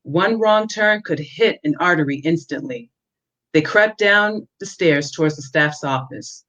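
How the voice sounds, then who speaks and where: A woman author reading excerpts from her own novel at a measured pace, with a few fillers in between, heard through dull lo-fi audio. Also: sits low, animated, fairly bright tone.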